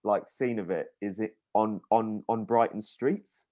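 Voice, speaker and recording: A man's voice: lowish voice, steady tone, a little slow, mellow. A young man from England hosting a podcast in casual chat, rambling with lots of fillers and laughs. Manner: rambling, with many likes and laughs. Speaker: podcast host.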